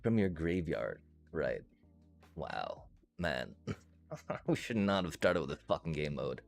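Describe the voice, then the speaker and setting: Gravelly deep-voiced man ranting at a game. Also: sing-song, takes it slowly, faint music behind. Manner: frustrated, swears constantly, rants. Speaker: streamer. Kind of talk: casual gaming commentary.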